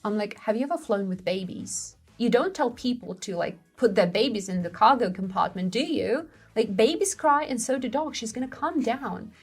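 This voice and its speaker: A young woman co-hosting a show, telling a story in a lively, exclaiming way. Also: on the high side, moderate pace, hardly any pauses, husky, faint music behind. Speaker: co-host of a language-learning show. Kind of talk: casual conversational storytelling.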